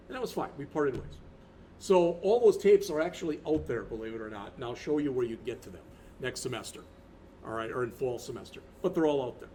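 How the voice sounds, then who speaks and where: A man's voice: fairly high pitch, animated, brisk, darkish tone, a little hiss or hum. A man in his fifties, a college instructor, talking through a recorded lecture in a rambling, conversational way with many restarts.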